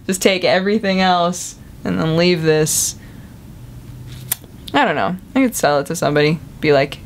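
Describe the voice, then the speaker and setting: Young woman vlogger, casual and chatty, with animated pitch jumps for quoted voices. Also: normal speed, slight background noise. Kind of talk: casual chat to camera.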